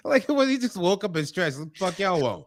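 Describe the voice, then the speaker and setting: A man's voice: high-pitched, big pitch swings, a little fast, slight background noise. A man co-hosting a comedy podcast, making wry, laid-back remarks in casual chat. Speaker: podcast co-host.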